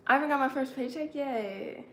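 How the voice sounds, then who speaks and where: A woman's voice: high voice, normal speed. A young woman chatting casually with her mother, laid-back and giving short answers. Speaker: co-host daughter. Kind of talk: casual chat.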